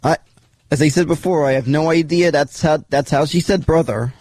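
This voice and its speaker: Halting high-voiced co-host man. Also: a little mellow, no echo. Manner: halting, stumbling over repeated words. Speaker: radio co-host. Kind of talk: call-in radio talk.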